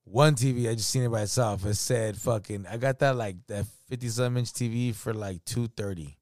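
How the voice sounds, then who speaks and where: A man's voice: fairly low pitch, fairly quick, a little mellow, dry recording, studio quality. A man chatting casually on a podcast, telling a profane story. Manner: laid-back, profane, laughs often. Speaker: podcast co-host. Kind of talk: casual chat.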